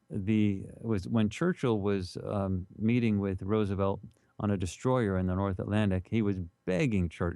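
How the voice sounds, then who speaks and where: A middle-aged man, an interview guest, telling history in a casual, animated way and acting out the people he quotes. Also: fairly low pitch, dry recording. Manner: animated, acts out quoted historical figures in raised voices. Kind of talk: casual explanatory storytelling.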